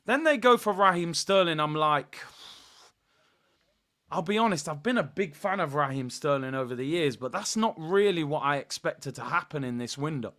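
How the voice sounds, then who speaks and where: A man hosting a live football stream, ranting in an animated, exasperated way and talking straight to his viewers. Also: a little high, normal speed. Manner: animated, exasperated rant addressing viewers as people. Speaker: football channel host. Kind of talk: live stream talk to chat.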